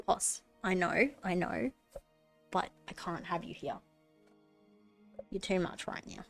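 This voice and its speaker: A woman's voice: lowish voice, slow pace, creaky, pauses often, fairly bright tone, soft background music. A woman live-streaming while she crochets, chatting casually, swearing at her cat and often dropping to a whisper, a little phlegmy.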